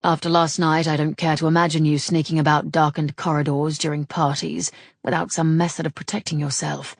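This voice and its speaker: A woman reading the lines of a grave, teasing male rogue in a measured, dry manner. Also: low voice, flat delivery, creaky, dry recording.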